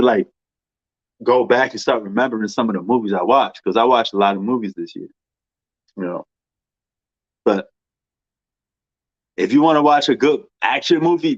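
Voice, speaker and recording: A man's voice: mid-range voice, no echo, dull audio. A man with a New York accent chatting casually and rambling about movies, full of slang and fillers. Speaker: movie commentator. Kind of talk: casual chat.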